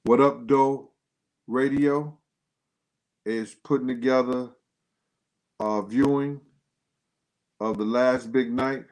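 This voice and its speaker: A man's voice: fairly even intonation, slow, pauses often, a little mellow, poor audio. Slangy man hosting a casual livestream. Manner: loose, slangy, talks straight to the audience; pitch jumps up sharply when worked up. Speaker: livestream host. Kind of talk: casual livestream chat to viewers.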